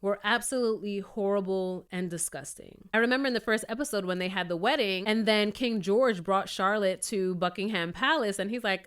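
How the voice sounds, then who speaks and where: Expressive woman reviewing a TV show. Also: mid-range voice, brisk, hardly any pauses, clean tone. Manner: expressive, emotional, playful asides. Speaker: TV review vlogger. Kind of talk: casual review chat.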